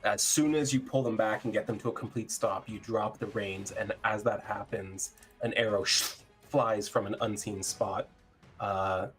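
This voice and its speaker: A man narrating a tabletop game as game master, relaxed, with fillers and chuckles. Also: lowish voice, moderate pace, soft background music.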